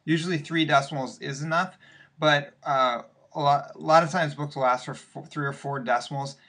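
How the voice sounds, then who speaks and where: A man's voice: a little high, fairly even intonation, moderate pace, a bit bright. A male math teacher walking patiently through worked examples in a recorded lesson, step by step with occasional fillers.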